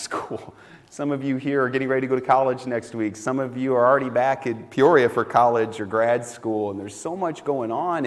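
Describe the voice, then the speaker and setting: A man preaching a sermon as pastor, telling a personal story in a conversational way and dropping to soft, quiet emphasis. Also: medium pitch. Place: church sanctuary. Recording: long hall reverb.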